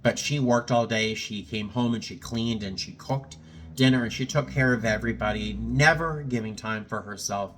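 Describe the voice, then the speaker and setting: A man's voice: lowish voice, normal speed, a bit bright, a little hiss or hum. A middle-aged man in a casual personal vlog, talking in a reflective, rambling way with many fillers and restarts, a little choked up. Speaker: vlogger.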